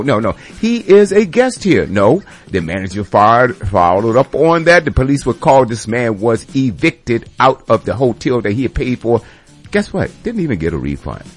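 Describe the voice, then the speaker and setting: This is a man hosting a radio segment, firing off an indignant, sarcastic rant. His voice is husky, and his pitch jumps around freely as he exclaims. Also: fairly bright tone. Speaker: radio show host. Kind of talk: ranting commentary.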